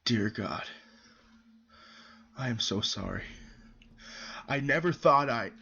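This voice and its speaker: A man's voice: mid-range voice, expressive, takes it slowly, vocal fry, sharp tone, husky, muffled recording, full character voice. A man voicing a terrified young male soldier writing his diary in a creepypasta reading, stammering and dropping into whispers. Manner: stammering, panicked, breaking into whispers.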